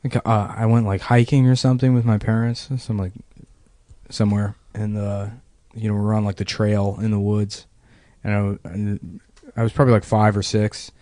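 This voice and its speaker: A man's voice: fairly low pitch, level tone, moderate pace, dark tone, no room sound, clean studio sound. A man co-hosting a comedy podcast, telling loose stories in a rambling, profane way that trails off mid-sentence. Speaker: podcast co-host. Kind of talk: casual comedy chat.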